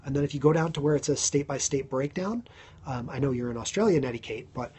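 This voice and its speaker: Chatty husky man hosting a live stream. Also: medium pitch, quick pace, darkish tone. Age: 30s. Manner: chatty, thanks viewers by name, lots of ums. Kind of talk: casual live-stream chat.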